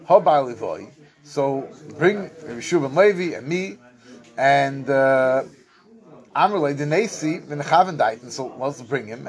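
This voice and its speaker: A man with a fairly high voice leads a Talmud lesson. He chants the Aramaic text in a study-hall lilt, then explains it plainly, often restarting his phrases. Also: a little mellow. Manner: reads Aramaic text then translates in a sing-song study cadence. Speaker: Talmud teacher.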